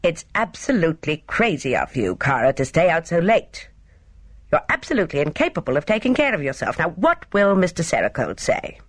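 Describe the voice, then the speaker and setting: A reader voicing a gaunt, gruff elderly woman who runs a household and scolds brusquely. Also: mid-range voice, very animated, normal speed, no room sound, clean studio sound. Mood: brusque, scolding. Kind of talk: audiobook character reading.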